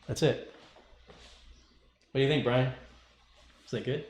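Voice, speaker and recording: A man's voice: mid-range voice, measured pace. A man hosting a casual livestream, reading viewer chat and joking with the people in it. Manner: joking, teasing, chatty. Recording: echoey room, faint noise.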